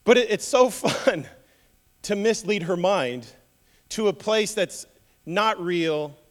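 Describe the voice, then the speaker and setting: A male pastor preaching a sermon, an animated, joking storyteller who often repeats words, recorded in a church. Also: sits high, takes it slowly. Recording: long hall reverb.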